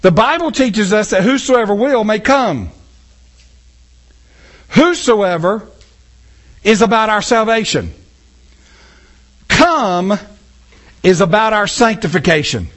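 A man's voice: high-pitched, takes it slowly, pauses often. A man preaching a sermon in church, acting out scenes with a volunteer from the congregation. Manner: animated, acts out scenes with a volunteer. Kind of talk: sermon with audience interaction.

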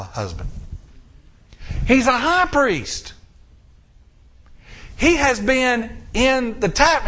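An American man preaching a sermon, retelling a scripture story with drawn-out pauses and acted-out character lines. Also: very high voice. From United States. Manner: storytelling, acting out characters' lines in lively voices.

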